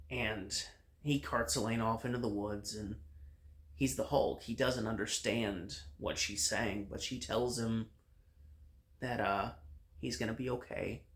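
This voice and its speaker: A man's voice: medium pitch, fairly bright tone. Casual male TV reviewer recapping a plot. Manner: recaps the plot with frequent fillers and restarts.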